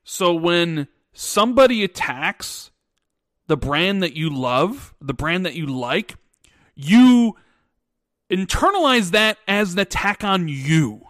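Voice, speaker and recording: A man in his thirties chats casually on a podcast and tells rambling stories, stumbling over restarts. His voice sits high. The sound is close and dry, with no room in it. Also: very animated, takes it slowly, a bit bright, no echo. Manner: rambling storyteller, restarts often. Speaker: podcast co-host. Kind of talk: casual chat.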